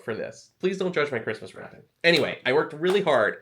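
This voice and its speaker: A man's voice: fairly high pitch, very animated, fairly quick, hardly any pauses, a bit bright. A man talking casually to camera as an author giving advice, chatty and self-deprecating, wandering into asides. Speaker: author and video host.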